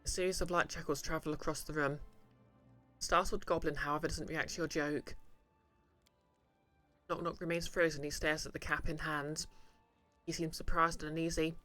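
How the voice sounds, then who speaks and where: Chatty streamer man, very bright voice. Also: a little high, level tone, moderate pace, pauses often, soft background music. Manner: chatty, jokey, reads game text aloud. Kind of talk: casual game commentary and reading aloud.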